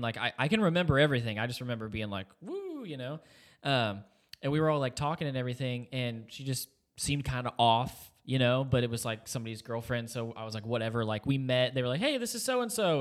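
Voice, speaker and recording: A young man in his twenties casually telling a rambling story on a podcast, full of fillers and restarts. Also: medium pitch. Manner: rambling, animated retelling with filler words. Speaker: podcast host.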